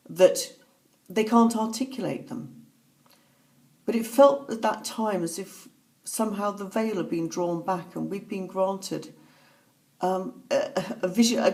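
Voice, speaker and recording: A woman speaking softly and haltingly, telling a personal story as reflective testimony. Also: mid-range voice. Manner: soft-spoken, halting, with pauses and fillers. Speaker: author recounting a personal story.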